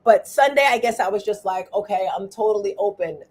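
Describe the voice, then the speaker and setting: A woman hosting a motivational livestream, chatty and animated, often asking her viewers "right?" and speaking straight to them. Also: mid-range voice, a little fast, husky. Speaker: livestream host.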